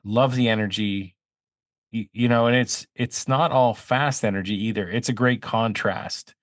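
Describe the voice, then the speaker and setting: A man's voice: medium pitch, moderate pace, dry recording, clean studio sound. A man co-hosting a podcast, chatting about music and bantering with mock indignation. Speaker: podcast co-host. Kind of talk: casual music review chat.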